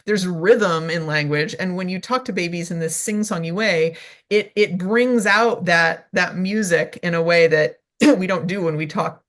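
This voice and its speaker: A woman's voice: fairly low pitch, measured pace. Chatty woman explaining research. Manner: animated and chatty, with many fillers like "like" and "right?". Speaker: interview guest, violist and music cognition researcher. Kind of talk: casual interview explaining research.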